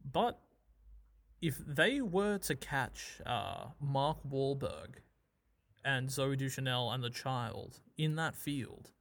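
A man chatting casually about a film, wry and quick to laugh. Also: medium pitch, animated, a bit bright. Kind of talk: casual film review chat.

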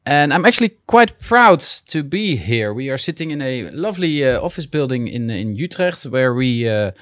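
A man with a Dutch accent hosting a podcast in an office, speaking with many pauses and fillers. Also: mid-range voice, big pitch swings, fairly bright tone, dry recording, clean studio sound. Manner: hesitant, many fillers and restarts, laughs easily. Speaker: podcast host. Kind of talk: casual interview chat. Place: office building.

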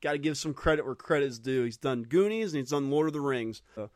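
A man's voice: mid-range voice, fairly quick, darkish tone, dry recording, clean studio sound. A man co-hosting a podcast, chatting casually and enthusiastically. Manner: enthusiastic, playful. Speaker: podcast co-host. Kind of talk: casual chat.

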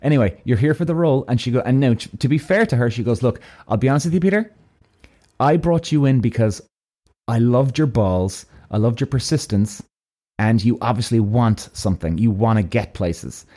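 An Irish man telling a personal story in a loose, swearing, animated way, acting out both sides of each conversation. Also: medium pitch, normal speed. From Ireland. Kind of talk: casual storytelling.

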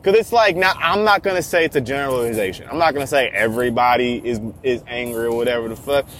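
A young man telling a story in a casual, profane, animated rant, repeating himself a lot. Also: medium pitch, fast, a little hiss or hum.

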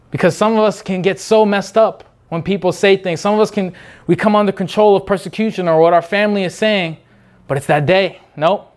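A man preaching an unscripted sermon, fervent and repetitive, breaking into quick voices of the people he describes. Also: high-pitched, fairly even intonation.

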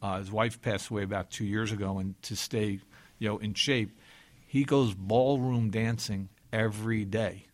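A man in his fifties with a lowish voice hosts a financial advice talk show. He chats easily and often drifts into long anecdotes from his clients and his family. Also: fairly even intonation, moderate pace. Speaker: financial advisor and show co-host. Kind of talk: casual radio-show talk.

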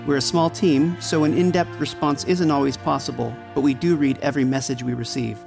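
Gravelly man reading an outro over music. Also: medium pitch, fairly even intonation, fairly quick. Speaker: podcast co-host. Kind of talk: scripted outro announcement. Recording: music bed underneath.

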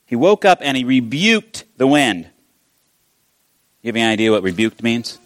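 A man giving a conversational sermon, telling the story in a casual, animated way with frequent restarts. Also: medium pitch, normal speed, dry recording. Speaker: pastor.

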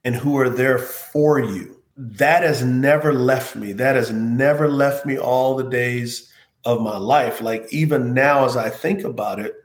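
A man's voice: medium pitch, a little slow. A man shares a personal story in an interview, his voice sitting in a comfortable middle range. He speaks with earnest, reflective feeling, and the room around him adds a noticeable echo. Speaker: interview guest, former pro football player. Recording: roomy echo.

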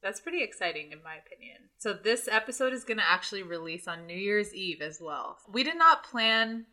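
Lively, bright-voiced woman host. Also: medium pitch, a little fast. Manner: giggly, teasing, laughs often. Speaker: podcast host. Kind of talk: casual chat.

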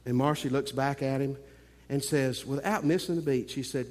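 A man's voice: medium pitch, fairly even intonation, normal speed, darkish tone. Joking preacher man in a reverberant hall. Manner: joking, emphatic preacher with playful asides. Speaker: pastor. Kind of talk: sermon.

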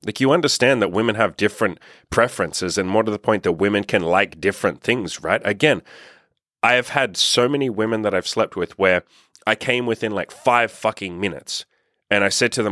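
Male dating coach, low voice, dry close sound, blunt and profane. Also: moderate pace, fairly bright tone, dry recording. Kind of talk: direct-to-camera advice monologue.

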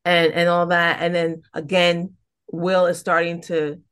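A woman in a relaxed podcast chat, retelling an episode's story in a loose, rambling way. Her voice sits a little low, and she keeps restarting her sentences with ums and "you know"s. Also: measured pace, clear, resonant tone. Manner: rambling, many fillers and restarts. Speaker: podcast co-host. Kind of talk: casual chat recapping an episode.

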